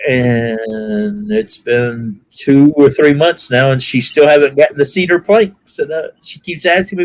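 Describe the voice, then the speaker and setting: Man in a relaxed group call, animated yarn-spinner who voices everyone in his story, slightly high pitch, dry room. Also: a little slow, no room sound, rough recording. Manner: animated storyteller who acts out quotes in a raised voice. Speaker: participant in an online group chat. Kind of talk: casual storytelling chat.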